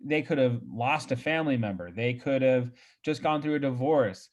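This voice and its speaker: A man's voice: mid-range voice, normal speed, muffled recording. Chatty man coaching on a call. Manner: chatty storyteller, frequent fillers and restarts. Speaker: real estate agent leading a group call. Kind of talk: casual coaching talk on a video call. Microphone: video call.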